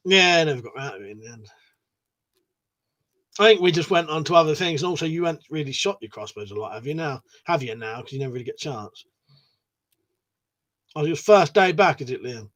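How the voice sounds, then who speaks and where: A man hosts a relaxed livestream, answering his viewers like old mates and swearing without a second thought. His voice sits a little high for a man and bounces up and down a lot as he talks. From United Kingdom. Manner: chatty and matey, swears freely. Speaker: livestream host. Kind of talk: casual chat, reading viewer messages aloud.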